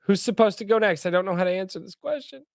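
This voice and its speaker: A man's voice: sits high, fast, no echo, studio quality. A man hosting a tabletop game stream, chatting casually and joking with the players. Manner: animated, joking, swearing. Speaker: host and player.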